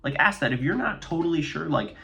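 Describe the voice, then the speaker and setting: A man's voice: on the high side, lively intonation, brisk, vocal fry, bright, forceful tone. Man, casual walk-and-talk vlog, upbeat, conversational, business owner giving tips. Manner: upbeat, conversational, says "okay?" often.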